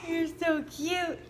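A woman's voice: very high-pitched, slight background noise. A woman at home talking to her baby in a casual vlog, cooing in sing-song baby talk. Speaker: mother and vlogger.

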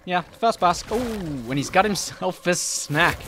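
A man giving joking, excitable commentary while playing a game, often shouting at enemies. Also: sits high, unhurried, a little hiss or hum. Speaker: gaming YouTuber. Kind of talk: comedic let's-play commentary.

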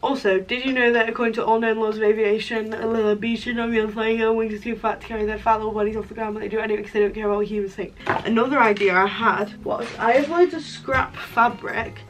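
A woman's voice: fairly high pitch, fairly even intonation, fast, hardly any pauses, faint music behind, poor audio. A young woman talking casually in a crafting vlog, chatty and joking with self-mocking asides. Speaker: crafting vlogger.

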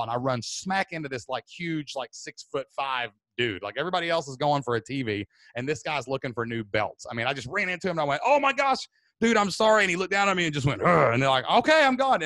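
A loud, animated man with a drawl, spinning a story with big bursts of energy. His voice sits at an ordinary middle pitch and sounds close and dry, with no room around it. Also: dry recording. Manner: loud, excitable, fast-moving. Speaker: podcast host.

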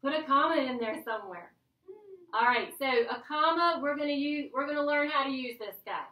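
Heard from a distance in an echoey classroom, a woman teacher gives her class a playful, chatty grammar lesson. Her voice is high-pitched, pushed and bright, at a normal speed.

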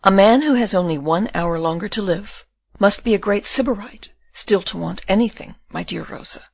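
Brief: calm, tender condemned young man, read by a woman; storybook audiobook, dry booth. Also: mid-range voice, moderate pace, creaky, no room sound.

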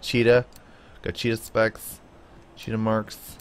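A man's voice: monotone, slow pace, slight background noise. A man giving playful, chatty gameplay commentary, talking to his car and his viewers. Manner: playful, chatty, talks to the car and viewers, jumps into high silly tones. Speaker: gaming YouTuber.

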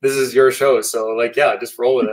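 A Canadian man with a mid-range voice talks as a guest speaker. He lays out his ideas in steady, earnest, keynote-style phrasing. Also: mid-range voice, moderate pace, rough recording. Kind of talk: interview answers.

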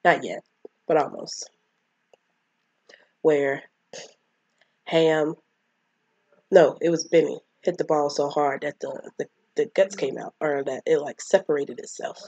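A woman's voice: deep voice, measured pace, long pauses, warm tone, slightly rough, dry recording, dull audio. A woman casually retelling a childhood movie, chatting and acting out the characters' lines. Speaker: movie recapper.

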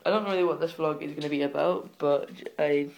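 A teenager vlogging at home, rambling in halting, filler-heavy chat and breaking off to give a dog short commands. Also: mid-range voice, fairly even intonation, vocal fry, lo-fi sound. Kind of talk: casual home vlog.

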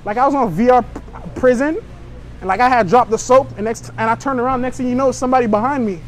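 A man's voice: very high-pitched, fast, soft background music. A young man chatting brashly to strangers in a store, joking and provoking as a prank vlogger. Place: inside a store.

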